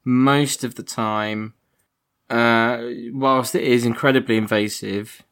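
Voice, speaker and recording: A man talks in a casual podcast chat, with a middle-pitched voice. He is thoughtful and reasons out loud, often adding "you know" as he builds a point. His manner is even and conversational. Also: slow pace, clear, resonant tone. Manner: reflective, argues points, hedges with "you know".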